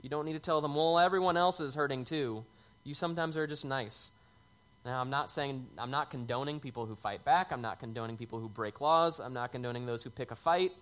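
A man's voice: mid-range voice, a little fast, fairly bright tone. A man preaching a sermon in a conversational way, lifting his voice on key words. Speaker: pastor.

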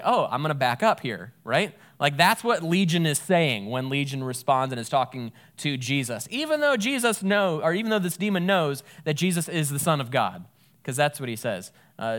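A man's voice: on the high side, fairly bright tone. A man giving a casual, conversational Bible teaching, thinking aloud and correcting himself as he goes.

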